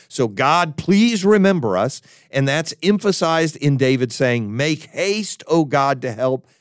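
A man's voice: mid-range voice, no room sound, studio quality. A man preaching an expository sermon, emphatic and conversational, pleading as he reads the lines he quotes. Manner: expository, emphatic, pleading when quoting scripture. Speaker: pastor.

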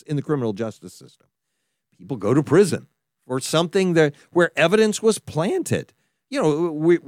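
Guy preaching a sermon, highish voice jumping all over, chatty with lots of restarts. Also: no echo, studio quality. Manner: animated, conversational preaching with frequent restarts and asides. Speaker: pastor.

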